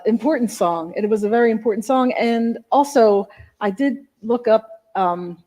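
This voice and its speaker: A woman's voice: medium pitch, a little mellow. A woman hosting a live stream between songs, chatting in a rambling, enthusiastic way with lots of asides. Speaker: live stream host and singer.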